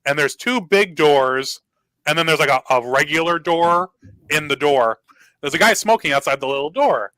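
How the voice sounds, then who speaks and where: Casting: male guest on a video call, animated storyteller, bright higher voice, dry sound. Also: normal speed, dry recording, low-quality recording. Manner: animated storyteller acting out quoted dialogue. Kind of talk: casual storytelling on a live talk show.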